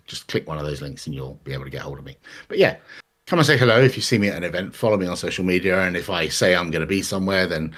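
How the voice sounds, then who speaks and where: A man, chatting casually as a podcast guest, relaxed and self-deprecating. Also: very deep voice, breathy edge. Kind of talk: casual chat.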